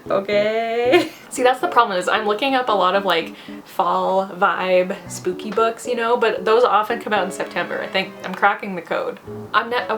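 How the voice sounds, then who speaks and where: A young woman talking casually on her own book vlog, animated and often laughing as she talks to herself. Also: mid-range voice. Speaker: booktuber.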